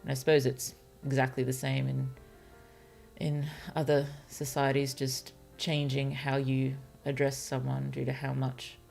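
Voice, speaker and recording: A woman streaming as a virtual author, thinking aloud about her novel in a hesitant, musing way, with many fillers and soft laughs. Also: rumbling low, completely flat delivery, unhurried, creaky, soft background music. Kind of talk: casual thinking-aloud livestream while writing.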